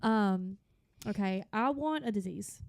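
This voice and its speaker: A woman's voice: medium pitch, animated, slow, gravelly, no room sound. A woman in her thirties with a light North Carolina accent, co-hosting a podcast in casual chat, rambling and laughing often. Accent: North Carolina Southern. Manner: giggly, rambling storyteller. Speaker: podcast co-host.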